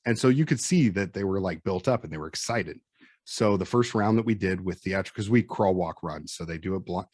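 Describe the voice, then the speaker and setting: Guest, male, 40s, Midwestern American accent, lowish husky voice, dry close sound, lively storyteller. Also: no echo. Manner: animated storyteller acting out quotes. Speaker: firefighter and instructor guest. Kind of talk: casual storytelling chat.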